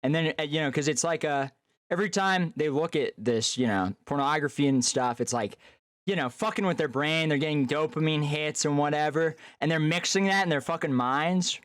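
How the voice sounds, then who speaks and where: A man talks as a guest in a loose, profane chat and trails off into fillers. His voice sits a little high. The recording is close and dry. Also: brisk, a bit bright, dry recording. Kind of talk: casual podcast chat.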